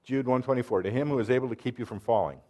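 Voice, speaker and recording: A man's voice: mid-range voice, very fast, a little mellow. A man preaching a sermon, explaining verses earnestly and quizzing his listeners with questions. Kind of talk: sermon with quiz questions to the audience.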